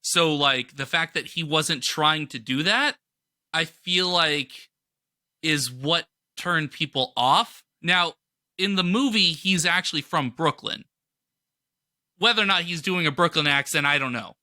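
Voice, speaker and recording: Bright, excited podcast cohost man. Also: a little high, unhurried, no room sound, studio quality. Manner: enthusiastic, rambling with fillers. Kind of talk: casual pop-culture chat.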